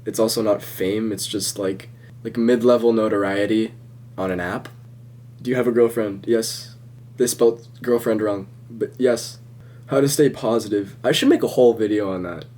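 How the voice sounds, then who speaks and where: A young man answering viewer questions in a relaxed, rambling way, chuckling often. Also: on the low side, normal speed. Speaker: social media creator answering viewer questions. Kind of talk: casual Q&A vlog.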